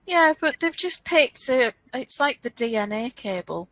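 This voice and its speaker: A woman's voice: high-pitched, lively intonation, a little slow, a bit bright, dry recording, poor audio. A woman co-hosting a casual chat about knitting patterns, thinking aloud and stumbling over designer names. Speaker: podcast co-host.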